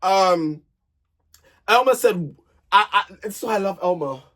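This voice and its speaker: A man's voice: sits high, animated, measured pace, fairly bright tone. Sassy man ranting over reality TV. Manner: sassy, exasperated, talks straight at people on the show. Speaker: reality TV reviewer. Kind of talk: animated solo review rant.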